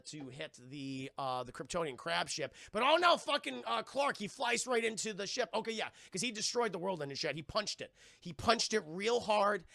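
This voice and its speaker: A man's voice: a little high, creaky, fairly bright tone, no echo. A man streaming a casual, profane scene-by-scene film recap and talking to his chat.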